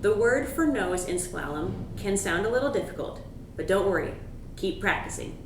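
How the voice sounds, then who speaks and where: A woman giving a pronunciation lesson, patiently repeating words slowly for the listener to copy. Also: animated. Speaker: language teacher. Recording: echoey room, distant mic, background rumble.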